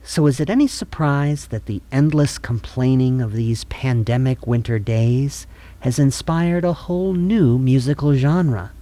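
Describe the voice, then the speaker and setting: A man's voice: medium pitch, unhurried, mellow. A man presenting a comedic mock news show and interviewing guests. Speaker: news anchor.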